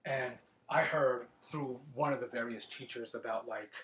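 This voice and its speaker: A man hosting a podcast, speaking in a profane, animated casual monologue with a lot of repeated words. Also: medium pitch, measured pace, a little hiss or hum. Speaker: podcast host. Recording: roomy echo.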